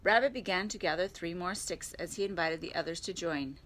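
A woman reading a picture book aloud for library storytime, clear and expressive. Her voice sits a little low but has a bright, crisp tone. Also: a little fast.

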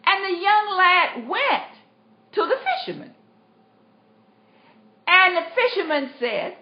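A woman's voice: very high voice, sing-song, slow pace, long pauses. A woman giving an inspirational talk, repeating her exhortations emphatically and telling stories. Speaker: inspirational speaker. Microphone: tablet. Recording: roomy, dull lo-fi livestream.

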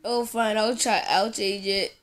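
A woman giving casual, excitable gameplay commentary, giggling often as she talks. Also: mid-range voice, unhurried. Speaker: gaming YouTuber.

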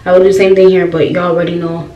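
A woman's voice: on the low side, little pitch movement, rapid-fire, lo-fi sound. Chatty young woman, roomy distant sound. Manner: chatty, keeps asking viewers "y'all" questions. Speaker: beauty vlogger. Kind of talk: casual hair tutorial. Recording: roomy, distant with faint noise.

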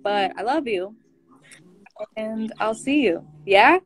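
A young woman hosting a casual livestream, soft-spoken and laid-back, giggling now and then as she chats into her phone. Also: fairly high pitch, lively intonation, slow. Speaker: livestream host. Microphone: phone held close.

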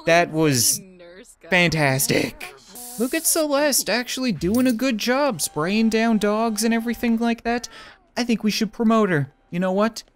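A man's voice: sits high, expressive, a little slow. Sarcastic young man joking over gameplay. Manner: sarcastic, laughs often. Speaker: gaming commentator. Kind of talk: casual gameplay commentary.

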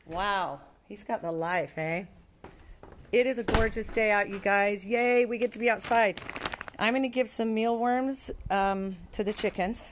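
A woman's voice: mid-range voice, a little slow, background noise. A woman chatting casually on an outdoor farm tour, talking fondly to her animals in baby talk. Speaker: farm vlogger.

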